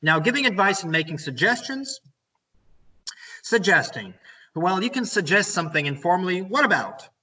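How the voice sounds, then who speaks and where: Bright-voiced Ukrainian man teaching English. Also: high voice, very animated, moderate pace, husky. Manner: explains and repeats phrases, stresses grammar points. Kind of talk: online lesson lecture. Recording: voice a bit far from the mic.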